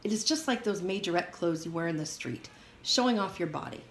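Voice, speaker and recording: A woman reading aloud as a stern, furious immigrant father who lectures his daughter loudly. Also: fairly low pitch, lively intonation, a little fast, close to an everyday voice. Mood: angry scolding. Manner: loud, scolding lecture. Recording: roomy echo, faint hiss.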